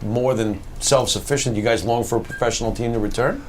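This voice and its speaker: A man's voice: mid-range voice, fairly even intonation, fairly quick, a little hiss or hum. A man on a radio panel asking the guest questions in a casual way. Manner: brief interjections and questions. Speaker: co-host, panelist. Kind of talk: casual chat.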